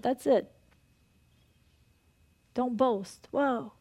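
A woman preaching in a lively, conversational way, laughing often and dropping to a hushed tone to lead prayer. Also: high voice, slow pace, long pauses. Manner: drops to a soft, hushed tone in prayer. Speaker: pastor leading a ministry night. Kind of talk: sermon and guided prayer.

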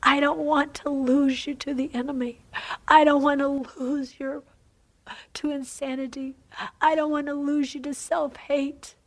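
A woman voicing the Lord as a gentle, sorrowful male figure in whispered role-play, speaking slowly with pleading repetitions. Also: high voice, flat delivery, pitched above the performer's own voice. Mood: tender. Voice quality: soft breathy whisper. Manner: slow, tender, pleading repetitions.

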